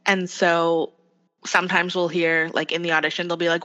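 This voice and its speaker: A woman's voice: on the low side, little pitch movement, moderate pace, sharp tone, muffled recording. A woman with a West Coast Canadian accent, an actor chatting as a podcast guest, upbeat and full of fillers. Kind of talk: casual podcast interview.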